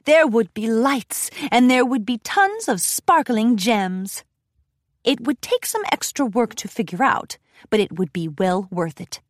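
A woman reads a storybook aloud with expressive, lively delivery. Her voice sits a little high and moves animatedly through its pitch range, recorded close and dry with no room sound. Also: no room sound. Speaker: storybook narrator. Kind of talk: scripted storybook narration.

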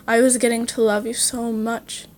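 Devoted young maiden from a fairy tale, earnest and tender, a little high and bright, voiced by a woman reading aloud. She speaks gently to those she loves. A faint hum sits behind her. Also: level tone, normal speed, lightly acted.

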